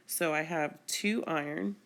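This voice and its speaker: A woman's voice: sits low, unhurried, creaky, a bit bright. A woman chemistry teacher explaining a screencast lesson patiently, step by step.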